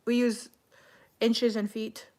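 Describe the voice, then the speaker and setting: Chatty woman, fairly high voice. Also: flat delivery, a little mellow. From Canada. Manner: chatty, heavy use of "like", quick self-corrections. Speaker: livestreamer reading comments. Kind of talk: casual live-stream chat.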